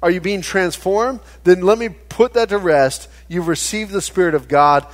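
A man in his thirties preaching a sermon as pastor, conversational and animated, with frequent stammered restarts. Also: sits high, moderate pace.

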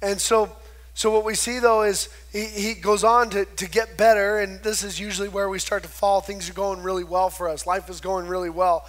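A man's voice: high voice, little pitch movement, normal speed. A man preaching a conversational sermon, retelling scripture and acting out the quoted voices. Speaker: pastor.

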